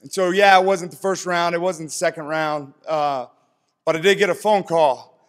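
Standing on a stage, a man in his thirties from East Tennessee delivers an earnest, heartfelt acceptance speech to an audience. His voice sits on the high side at a moderate pace, and the PA leaves a long hall reverb.

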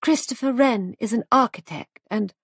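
A woman voicing an anxious young wife who runs a guest house, raising her voice higher and speaking in a worried, plaintive way. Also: normal speed, breathy edge, no room sound, clean studio sound. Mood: defensive.

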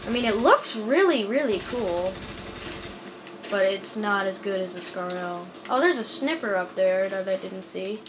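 A woman giving chatty, excitable let's play commentary at home, talking back at the enemies on screen. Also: medium pitch, unhurried, noisy background. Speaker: gaming YouTuber.

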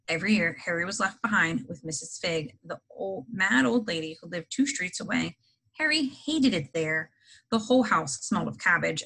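A woman reading a novel aloud with expressive storybook narration. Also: on the low side, gravelly, slightly rough, poor audio. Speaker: reader.

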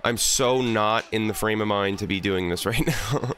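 Soft music plays underneath as a gaming-channel host, furious and exasperated, curses his way through a fighting game for a let's play. He speaks at a moderate pace in a fairly low voice with a slightly bright edge.

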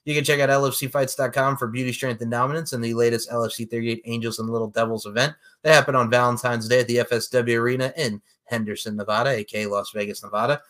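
A man co-hosting a podcast, rattling off show plugs in a quick promo cadence during a casual sign-off. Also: mid-range voice, steady tone, fairly bright tone. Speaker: podcast co-host.

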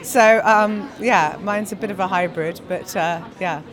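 An actress chatting at a red-carpet premiere, self-mocking and quick with asides. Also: female voice, mid-range voice, music in the background. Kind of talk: casual red-carpet interview. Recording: crowd noise from a premiere. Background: crowd chatter.

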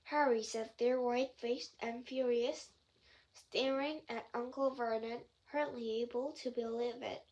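A woman reads a novel aloud in a high voice, at an unhurried pace. Her reading is careful, and she sometimes trips over a phrase and goes back to say it again. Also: fairly even intonation, a little mellow, husky, low-quality recording. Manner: careful reading with slips and restarts. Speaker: reader.

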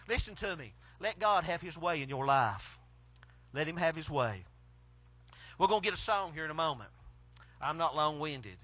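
Man, fiery preacher; high, ringing voice, bursts of shouting, then drops low. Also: dry recording. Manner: swings between hushed and shouted exclamations. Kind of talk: fiery country sermon. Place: outdoor drive-in church service.

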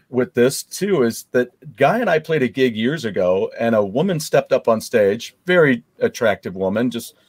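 A man's voice: mid-range voice, sing-song, normal speed, slightly rough, dry recording. Empathetic male host, dry close sound. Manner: empathetic, storytelling, frequent fillers. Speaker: podcast host. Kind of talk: casual interview chat.

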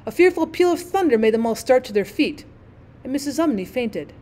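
A woman with a somewhat high voice reads a classic short story aloud in a clear, expressive way. She narrates like a teacher guiding her class through an audiobook. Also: brisk.

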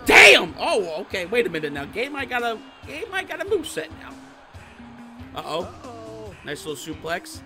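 Excitable man yelling over wrestling gameplay. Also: high voice, normal speed, over music. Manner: excitable, profane, trash-talking, bursts into shouts. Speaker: gaming YouTuber. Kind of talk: live gameplay commentary.

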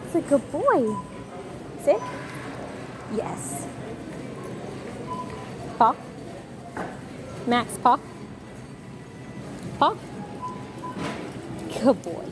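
Young woman, high voice, lively sing-song, slow unhurried talk, noisy background, cooing at her dog. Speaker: vlogger with her service dog. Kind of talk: casual vlog, giving dog commands. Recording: background noise.

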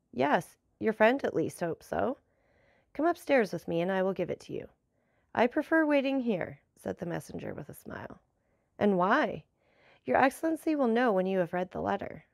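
A woman narrating a classic novel aloud, measured and lightly voicing the dialogue. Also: mid-range voice, vocal fry, no echo, clean studio sound. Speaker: audiobook narrator.

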